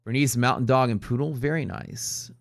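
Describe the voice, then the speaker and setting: A man hosting a live trading stream, chatting casually in a rambling way with profane jokes and quick asides to viewers. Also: mid-range voice, dry recording, studio quality. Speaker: livestream trading host.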